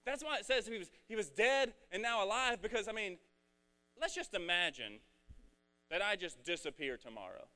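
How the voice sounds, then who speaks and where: Animated, joking young male preacher. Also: sits high, moderate pace, clear, resonant tone. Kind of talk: casual sermon.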